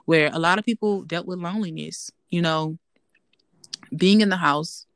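A young woman co-hosting a casual podcast, her voice gravelly with a touch of fry. She talks candidly and reflectively, circling back to repeat her points, and the sound is close and dry. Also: fairly low pitch, normal speed, no room sound. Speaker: podcast co-host. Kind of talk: casual chat.

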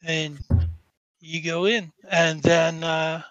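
Brief: male game master, rambling narration, bright tone, dry sound. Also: a little high, little pitch movement, slow, no echo, lo-fi sound. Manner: rambling, with many fillers and restarts.

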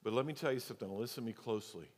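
A male pastor preaching a sermon, moving between loud, emphatic stretches and quiet, low asides. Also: very fast, husky. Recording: long church reverb.

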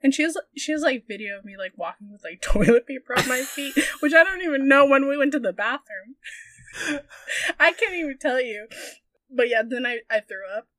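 A young woman recounts a wild night in casual chat, her high voice leaping up and down as she giggles between fillers. The sound is close and dry, with no room around it. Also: brisk, no echo. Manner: giggly, animated storytelling with many fillers.

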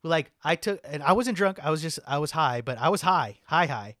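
A young man casually telling a wild party story, animated and full of slang and swearing, on a close mic. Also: a little high, a little fast, dry recording.

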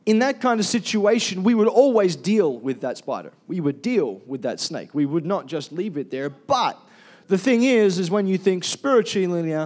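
A man's voice: high voice, sing-song, moderate pace, darkish tone. A man preaching a Sunday sermon as pastor, chatty and conversational, asking the congregation questions and calling for amens. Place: church.

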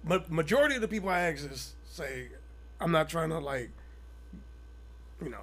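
A man's voice: a little high, expressive, moderate pace, a bit bright. A man co-hosting a podcast, chatting in a laid-back, profane way, laughing often and acting out quotes. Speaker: podcast co-host. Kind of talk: casual chat.

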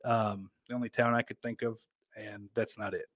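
A man's voice: lowish voice, level tone, moderate pace, fairly bright tone, no room sound. Young guy streamer, swears a ton, rambly and blunt, right up on the mic. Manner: blunt, profane, rambling with restarts and laughs. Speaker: streamer reading chat. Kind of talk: casual profane live-stream chat about wrestling. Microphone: desk mic close up.

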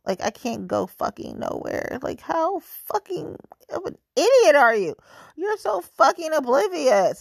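A woman's voice: fairly low pitch, gravelly, dry recording, clean studio sound. A woman venting in a profane, exasperated monologue.

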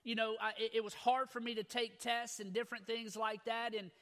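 Pastor guy in his 30s, higher voice for a man, folksy and fired up, repeats himself a lot. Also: brisk. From Louisiana. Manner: folksy, repetitive, energetic. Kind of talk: sermon.

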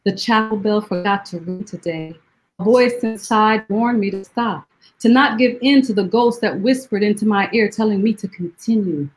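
A woman from Jamaica, a poet guest who talks in lively rhetorical questions and recites her poems slowly and deliberately. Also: mid-range voice, rough recording. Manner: rhetorical questions, animated storytelling; slow, deliberate poetry recitation. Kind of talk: conversational interview and poetry reading.

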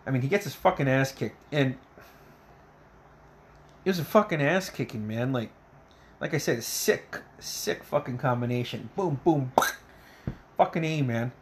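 A man at an ordinary mid pitch tells a movie's story in a loose, casual way. He swears constantly, chuckles between lines, and gets worked up when he describes the fight. It plays like a relaxed podcast recap. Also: moderate pace, pauses often, a little hiss or hum. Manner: profane, excitable play-by-play retelling; laughs often. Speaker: podcast host reviewing a film.

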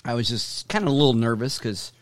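A male podcast host talks at his own mixer board, swearing freely as he spins a story. His voice sits at an ordinary middle pitch, and he tells it with lively energy. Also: fast talker. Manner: profane, animated storyteller. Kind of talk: casual podcast chat. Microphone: studio mic at a mixer board.

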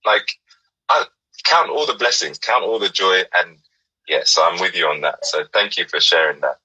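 A man's voice: sits low, moderate pace, sharp tone, slightly rough, rough recording. A man hosting a casual chat, upbeat and encouraging, rambling through stories. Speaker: host.

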